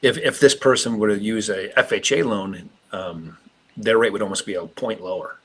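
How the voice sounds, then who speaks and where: A man's voice: fairly low pitch, moderate pace, fairly bright tone, breathy edge. A man working as a loan officer, answering questions hesitantly with many ums. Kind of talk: casual answers on a live stream.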